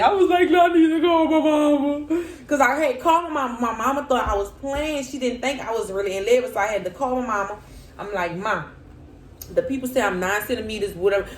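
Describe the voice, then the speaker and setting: A young woman, telling a dramatic storytime vlog in an animated, expressive way. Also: mid-range voice. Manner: animated, dramatic, swings to loud cries when reliving. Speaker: vlogger. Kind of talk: casual storytime. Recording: echoey room with faint hum.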